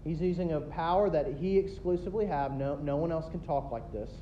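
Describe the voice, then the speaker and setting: A pastor in his thirties preaching a sermon, swinging between loud emphatic builds and quiet asides. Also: brisk. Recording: dull lo-fi recording with faint rumble.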